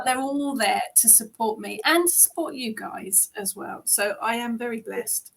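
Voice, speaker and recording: Bubbly woman with a bright pitch. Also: a little slow, gravelly, hardly any pauses. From England. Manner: chatty and bubbly, laughs often. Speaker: coven leader hosting an online ritual. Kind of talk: casual chat greeting participants. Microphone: video call.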